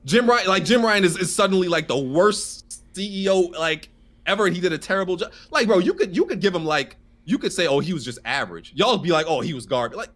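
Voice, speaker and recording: A man's voice: high voice, animated, brisk, fairly bright tone. A man arguing his point in a casual podcast debate, insistent and full of stammered restarts.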